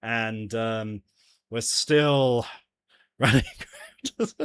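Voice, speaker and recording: A game developer streams his jam entry live, chatting casually as he works, often laughing and muttering to himself. His mid-range voice moves very slowly, with long pauses.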